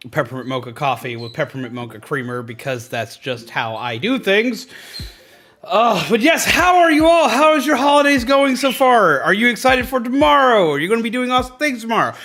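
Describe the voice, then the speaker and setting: A man hosting a casual livestream, chatty and excitable, greeting viewers and repeating himself. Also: fairly high pitch. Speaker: livestream host. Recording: faint background music.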